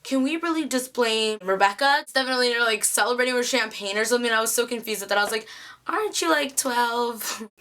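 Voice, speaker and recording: A young woman chatting excitedly through a TV episode recap, acting out the characters' lines. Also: fairly high pitch, quick pace. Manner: chatty, excitable, acts out quotes. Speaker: TV recap vlogger.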